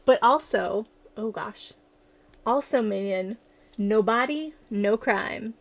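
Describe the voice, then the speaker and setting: A woman livestreamer in casual chat, excitable and giggly as she gushes like a fan. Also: fairly high pitch, slow pace, long pauses.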